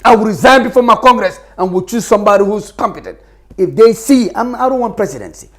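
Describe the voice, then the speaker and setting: A man's voice: high voice, lively intonation, fast talker, a bit bright. A Gambian man with a Gambian accent, a political leader speaking fervently and preachily in an interview. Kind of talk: impassioned interview talk.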